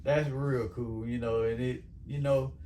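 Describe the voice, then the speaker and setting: A man co-hosting a couple's vlog with his wife, an animated storyteller who acts out quotes and laughs often. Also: mid-range voice, a little slow. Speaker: vlogger, co-host with his wife. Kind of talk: casual couple chat. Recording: distant mic with faint background noise.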